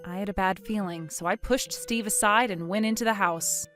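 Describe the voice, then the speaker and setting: A woman narrating a dramatic story, expressive and indignant. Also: medium pitch, moderate pace, faint music behind.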